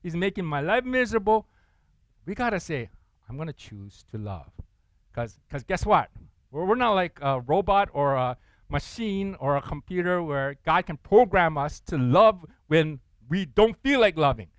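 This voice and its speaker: A man preaching to his congregation. He has a fairly high voice and a lively, animated delivery, putting on excited voices when he acts out the quotes and firing questions at the listeners. The recording is dry and close, with no room echo. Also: moderate pace, clear, resonant tone. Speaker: pastor. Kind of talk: sermon.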